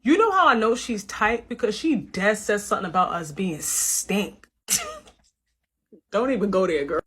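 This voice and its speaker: A woman's voice: medium pitch, very animated, measured pace, fairly bright tone, husky. A New woman hosting a reaction video, teasing and sassy, laughing between her jabs. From New York, US.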